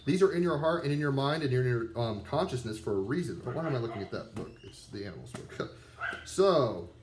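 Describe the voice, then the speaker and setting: With slight background noise, a thirty-something man delivers a wandering tarot pep talk full of asides and fillers while abroad, dogs nearby. His mid-range voice has lively intonation and a fairly quick pace.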